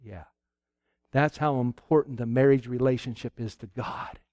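A man from Pennsylvania preaching a folksy, animated sermon and asking his listeners questions. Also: mid-range voice, moderate pace, no room sound.

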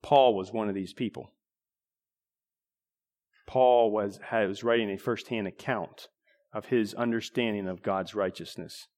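A man delivers a sermon, his voice sitting a little low. He talks in a conversational way, doubling back on phrases and clearing his throat between thoughts. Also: fairly even intonation, a little slow, pauses often, a little mellow. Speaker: preacher.

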